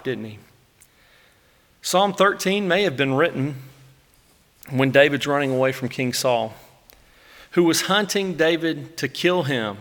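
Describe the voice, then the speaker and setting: Pastor, man in his 30s, earnest and emotive sermon delivery, crisp bright tone, long hall reverb. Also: medium pitch. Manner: earnest, emotive preaching that acts out anguished laments.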